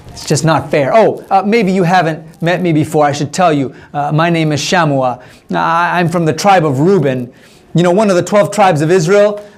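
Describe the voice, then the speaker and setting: A man playing an indignant grumbling Israelite spy. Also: high voice. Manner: indignant, complaining, talks straight to children. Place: church children's class.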